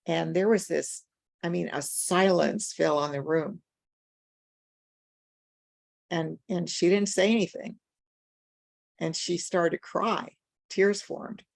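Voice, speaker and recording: Gravelly older woman telling a story. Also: fairly low pitch, steady tone, slow pace, long pauses. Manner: conversational, retells dialogue, chuckles while talking. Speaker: guest speaker. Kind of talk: storytelling anecdote.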